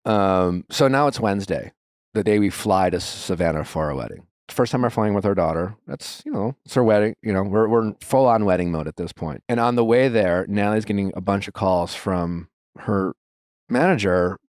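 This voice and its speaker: A man hosting a podcast, adding measured explanations in casual chat. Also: fairly low pitch, a little mellow, no echo, clean studio sound. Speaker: podcast host.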